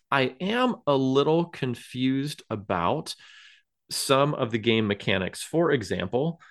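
A man's voice: medium pitch, a bit bright. A man co-hosting a podcast, chatting casually and rambling with many fillers and small laughs. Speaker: podcast co-host. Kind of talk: casual chat.

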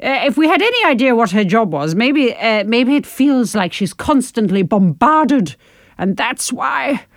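Playful, teasing higher-voiced woman. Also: sing-song, dry recording, studio quality. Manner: playful, teasing, quick asides. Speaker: podcast co-host. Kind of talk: casual advice chat.

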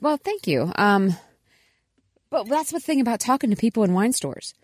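A woman's voice: fairly high pitch, big pitch swings, moderate pace, no echo, clean studio sound. A woman co-hosting a casual wine-tasting podcast, chatty and enthusiastic, acting out little quoted exchanges as she talks. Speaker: podcast co-host.

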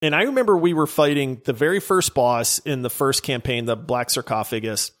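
A man co-hosting a gaming podcast, telling stories from play sessions in a lively, animated way. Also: mid-range voice, fairly quick. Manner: animated storytelling, bursts of shouting when reliving wins. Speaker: podcast co-host. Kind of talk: casual gaming podcast chat.

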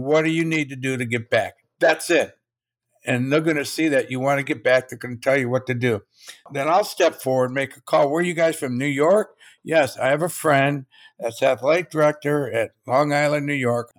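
A man's voice: a little high, creaky. An older man, a motivational speaker, telling a story in an interview and acting out the quotes.

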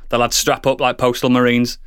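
A man co-hosts a comedy podcast, animated and sweary, often laughing as he tells a long story. His voice sits at a middle pitch. The recording is dry and close, with no room sound. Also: brisk, clear, resonant tone, dry recording.

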